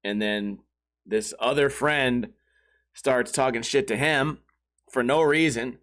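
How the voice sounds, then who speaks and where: A man's voice: medium pitch, takes it slowly, a bit bright. Foul-mouthed man telling a rambling story. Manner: profane, rambling, acts out quoted voices. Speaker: podcast host. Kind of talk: casual storytelling monologue.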